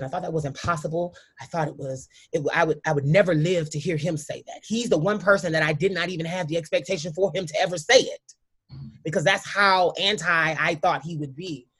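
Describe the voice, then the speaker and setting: Her voice sits low with a breathy edge as this guest tells a heartfelt story from her own life. She speaks emphatically, occasionally haltingly, and frequently turns straight to the audience.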